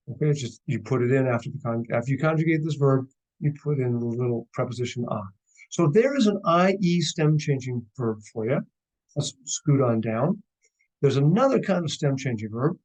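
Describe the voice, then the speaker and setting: A man teaching a recorded grammar lesson over screen share, chatty and relaxed, slowing down for careful drills. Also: fairly high pitch. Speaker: Spanish teacher.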